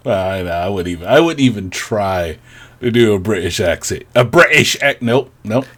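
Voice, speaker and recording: A man co-hosting a podcast in relaxed chat, his voice rising and falling a lot as he jokes. He is wry, tosses in quick asides and trails off mid-thought. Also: low-pitched, breathy edge. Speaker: podcast co-host. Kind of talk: casual chat.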